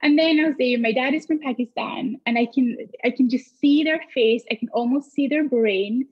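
Scottish woman, comic guest on a panel, higher voice with husky edge, lively storyteller, dull lo-fi audio. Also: moderate pace. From Scotland. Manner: animated storytelling with acted-out dialogue. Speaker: comedian guest.

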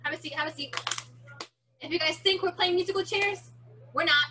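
A woman's voice: extremely high pitch, fairly quick, noisy background. A teenage girl leading a daily challenge for a virtual kids' martial arts class, playful and chatty, explaining each step over a video call. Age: teen.

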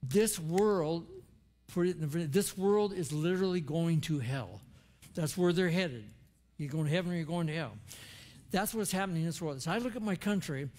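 A man's voice: a little high, normal speed, darkish tone. An older man, a former chaplain, preaching a sermon in an earnest, conversational storytelling way with emphatic turns. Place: church sanctuary.

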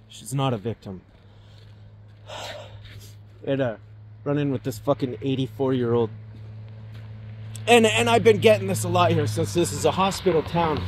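A man's voice: mid-range voice, darkish tone, a little hiss or hum. A man giving a personal monologue, talking bluntly and swearing often, with sudden emphatic swells.

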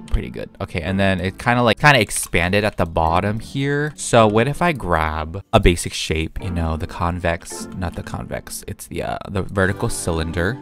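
A young man with a deep, low-pitched voice chats his way through a video game build, thinking out loud with plenty of "like" and "you know". He sounds close to a desk microphone, with soft music playing underneath. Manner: chatty, rambling, self-talk with frequent fillers and giggles. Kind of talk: casual commentary while building in a game.

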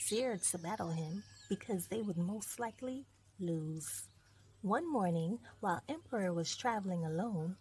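A woman reading a children's story aloud in a gentle storyteller manner. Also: mid-range voice, slight background noise.

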